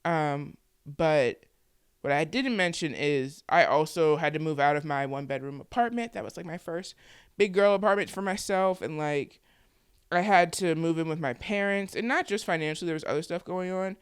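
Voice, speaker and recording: Twenty-something woman vlogging her story, smooth clear voice, dry close mic, lots of "like". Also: low voice, moderate pace, no room sound. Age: 20s. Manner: candid, conversational, many "like" fillers. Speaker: vlogger and podcaster. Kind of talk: personal storytelling to camera.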